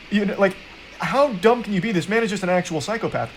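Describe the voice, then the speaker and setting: A man's voice: high-pitched, fairly quick, slight background noise, low-quality recording. A man commenting on a clip in a mocking, sarcastic way. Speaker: commentator in the reacted video.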